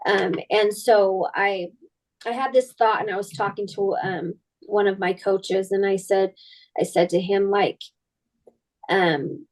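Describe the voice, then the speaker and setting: A woman's voice: mid-range voice, steady tone, slow pace, low-quality recording. A woman talking as a podcast guest in candid personal conversation, rambling and earnest, full of "like" and "you know". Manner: earnest and emotionally open.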